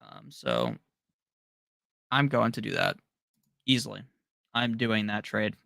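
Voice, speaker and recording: Gravelly, bright-voiced male stream host. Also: fairly low pitch, very animated, no room sound, studio quality. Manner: rapid-fire, offhand answers with slang and the odd curse. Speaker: fantasy football live-stream host. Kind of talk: casual live Q&A, reading out and answering viewer questions.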